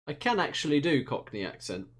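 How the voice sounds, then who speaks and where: A man from near London with an Essex accent, giving lively play-by-play commentary on a strategy game match and reading out viewer chat. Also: on the high side, a little fast. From England, near London. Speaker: esports caster.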